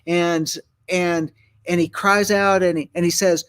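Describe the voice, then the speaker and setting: A man's voice: sits high, little pitch movement, unhurried, fairly bright tone, clean tone. A man hosting a Bible teaching show, thinking aloud with many fillers and restarts and reading scripture aloud. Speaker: ministry host and Bible teacher. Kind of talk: conversational Bible teaching on a broadcast.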